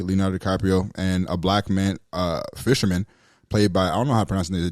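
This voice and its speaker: A man co-hosting a podcast, chatting casually and excitedly about films, rambling with fillers. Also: low-pitched, moderate pace, dry recording, clean studio sound. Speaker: podcast co-host. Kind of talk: casual movie discussion.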